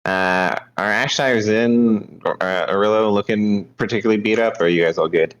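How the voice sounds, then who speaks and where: Male tabletop player, lowish voice, hesitant casual delivery. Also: clear, resonant tone, poor audio. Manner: hesitant, many pauses. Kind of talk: casual tabletop game play.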